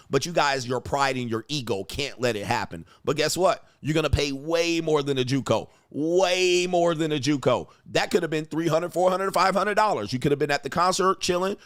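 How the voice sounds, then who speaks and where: A man's voice: medium pitch, fairly bright tone, no room sound, clean studio sound. A man hosting a livestream, giving crude, combative commentary, berating his chat and laughing often. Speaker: livestream show host and dating coach.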